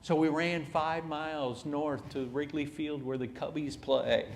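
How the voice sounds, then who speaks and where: A man telling a story as a motivational speaker at a conference, emphatic and animated, dropping from loud to hushed. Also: fairly high pitch, a little slow, creaky, a little hiss or hum. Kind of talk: storytelling keynote speech. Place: conference hall. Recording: long hall reverb.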